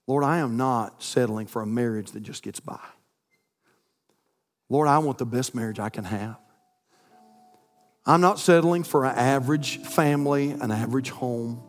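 A man, preaching a sermon as pastor, climbing to near-shouts and dropping to soft prayer. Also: mid-range voice. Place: church sanctuary. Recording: long reverb in a church hall.

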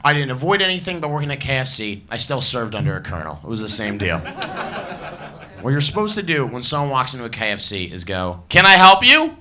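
A young man doing a stand-up set, telling stories with wry, deadpan asides. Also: mid-range voice, fast talker. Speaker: stand-up comedian.

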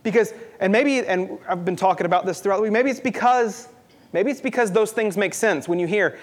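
A man's voice: sits high, fairly quick, husky. A young man preaching a sermon in an earnest, conversational way, often repeating himself for emphasis.

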